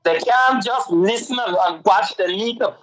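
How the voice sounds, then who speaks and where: An impassioned male co-host. He presses his points again and again in an earnest, fairly high voice, returning to the same phrase over and over. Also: normal speed, fairly bright tone, poor audio. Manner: earnest, keeps repeating "my brother". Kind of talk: impassioned talk-show commentary.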